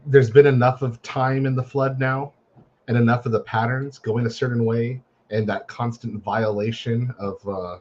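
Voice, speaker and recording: Husky dude on a muffled lo-fi call, kinda halting, repeats himself a lot. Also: male voice, mid-range voice, little pitch movement, darkish tone. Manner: halting, repeats words while searching for phrasing. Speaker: guest, parent. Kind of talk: casual chat.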